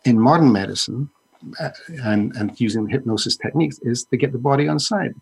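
A man's voice: medium pitch, fairly quick, creaky, breathy edge. A man co-hosting a podcast, talking casually and rambling a little, with restarts. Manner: rambling, with restarts and acted-out quotes. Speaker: podcast co-host. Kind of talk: casual conversational chat.

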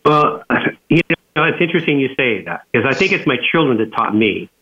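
Over a tinny phone line, a Californian guest author on a radio interview speaks briskly in a mid-range male voice. He tells stories animatedly, acting out the dialogue he quotes.

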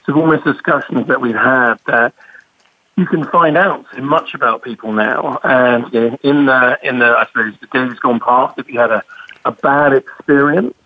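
A man's voice: mid-range voice, dry recording. Man on a tinny phone line. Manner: measured, reflective explaining. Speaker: panel guest. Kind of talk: casual chat.

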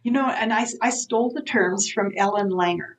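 A woman's voice: medium pitch, moderate pace, low-quality recording. A woman guest in an interview, a vivid storyteller who acts out the dialogue as she explains dementia care.

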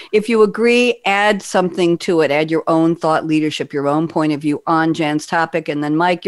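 Lively webinar host, dry close mic, emphatic swoops. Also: no room sound. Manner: chatty, animated, jumps up in pitch for emphasis. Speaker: panel host. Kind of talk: moderating a webinar panel.

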